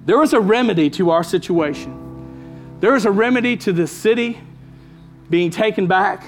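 A man with a very high voice preaches a sermon as a pastor. He hammers his points home, repeating key lines and calling out to the congregation. Soft music plays faintly behind him. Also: animated, moderate pace. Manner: emphatic preaching with repeated phrases and call-outs.

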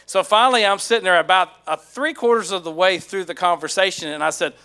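A man's voice: high-pitched, fast talker, sharp tone, smooth. A middle-aged male pastor sharing the sermon, folksy and teasing, poking fun at himself. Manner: folksy, teasing, self-deprecating. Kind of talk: joking sermon asides.

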